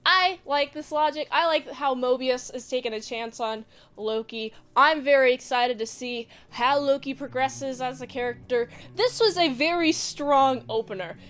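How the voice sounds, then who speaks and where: A woman's voice: high-pitched, moderate pace, few pauses, fairly bright tone. A woman casually recapping and reviewing a show, chatty and joking as she acts out quotes.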